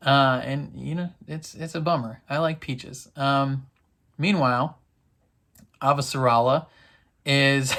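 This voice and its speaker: A young man talks through an episode in a loose, rambling way. His voice sits at a middle pitch, and he leans on fillers and quick laughs as he recaps. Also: steady tone, a bit bright. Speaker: TV reaction vlogger. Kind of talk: casual recap chat.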